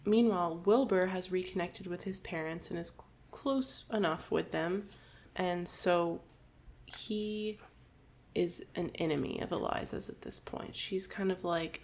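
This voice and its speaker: Chatty woman with a low gravelly voice. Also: lively intonation, darkish tone. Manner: chatty retelling, quick giggles, lots of "like". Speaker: podcast co-host. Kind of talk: casual book discussion.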